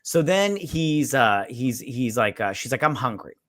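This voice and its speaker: A man's voice: mid-range voice, very animated, unhurried, fairly bright tone, no echo, studio quality. A man co-hosting a casual podcast, retelling a movie in a blunt, crude, joking way with put-on quotes. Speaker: podcast co-host. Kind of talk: casual drunk movie recap.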